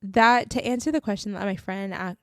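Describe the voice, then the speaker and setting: A woman's voice: medium pitch, brisk, fairly bright tone, no echo. A young woman hosting a faith podcast, earnestly telling her testimony in a casual, heartfelt way, close to tears and saying "like" often. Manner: earnest, heartfelt, often tearful, says "like" a lot.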